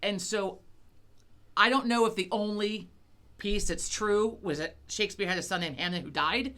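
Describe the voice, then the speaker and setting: A woman's voice: medium pitch, moderate pace, fairly bright tone. Rambling, swearing middle-aged woman. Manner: rambling, profane, lots of fillers and restarts. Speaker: podcast co-host. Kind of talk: casual chat.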